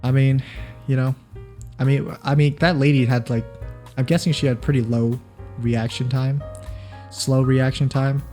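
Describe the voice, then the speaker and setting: Rambling young man, mid-pitched voice. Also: fairly even intonation, a little slow, long pauses, mellow, soft background music. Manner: rambling, restarts sentences, many fillers. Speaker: podcast co-host. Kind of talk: casual chat.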